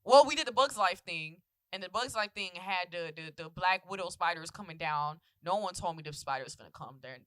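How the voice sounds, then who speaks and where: Bright-voiced woman telling a swear-filled story. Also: on the low side, brisk, few pauses, no echo. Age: 20s. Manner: animated storytelling, swears freely, acts out quotes, laughs often. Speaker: podcast co-host. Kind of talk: casual chat. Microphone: close podcast mic.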